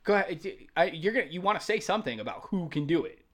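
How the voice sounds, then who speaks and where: A man co-hosting a podcast who argues in an animated, playful way. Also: fairly high pitch, fast talker. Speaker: podcast co-host. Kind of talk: casual chat.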